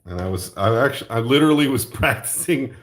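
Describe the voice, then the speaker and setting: A man's voice: medium pitch, animated, fast. A young man from the American South with a Southern accent, chatting casually and rambling on a livestream, reading chat and laughing often. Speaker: livestream host.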